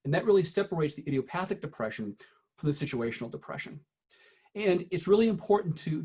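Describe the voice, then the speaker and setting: Husky man telling earnest teaching stories. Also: fairly high pitch. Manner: earnest storytelling, frequent "uh" and restarts, quiet when recounting. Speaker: teacher trainer. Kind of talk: recorded training talk with personal stories.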